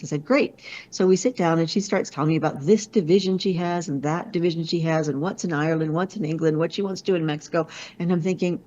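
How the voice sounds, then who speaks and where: A woman business consultant telling animated, self-deprecating stories in an interview over a video call. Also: low-pitched. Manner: animated, self-deprecating storyteller with quick asides. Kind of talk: conversational storytelling interview. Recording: dull lo-fi video call audio.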